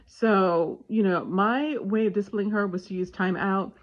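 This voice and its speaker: A woman casually telling a family story and giving parenting advice, animated and acting out the dialogue. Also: medium pitch, moderate pace. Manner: animated retelling with voiced dialogue. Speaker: parenting vlogger. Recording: dull lo-fi sound.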